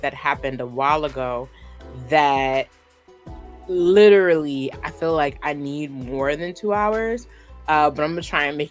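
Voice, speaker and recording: A woman hosting a podcast, talking in a casual, animated, rambling way with lots of fillers. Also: low voice. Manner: animated, rambling, says "like" often. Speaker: podcast host.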